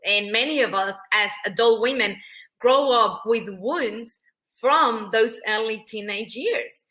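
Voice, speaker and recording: A woman's voice: fairly high pitch, slow pace, fairly bright tone. A middle-aged woman from Mexico with a Mexican Spanish accent, talking emphatically as an interview guest and acting out quoted voices. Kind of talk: animated interview talk.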